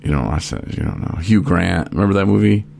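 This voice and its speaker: A man with a low, gravelly voice hosts a casual podcast from a studio. He rambles along with lots of fillers and restarts. A faint hiss of noise sits under the voice. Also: expressive, brisk, darkish tone. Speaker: podcast host.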